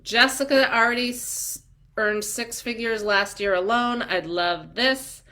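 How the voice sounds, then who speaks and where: Woman, 40s, business coach hosting a livestream; slow and unhurried, chatty, upbeat and encouraging, lots of ums. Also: fairly high pitch, pushed and bright. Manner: chatty and upbeat, reading out viewer comments; encouraging, with frequent ums and trailing asides. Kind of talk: live-streamed coaching chat.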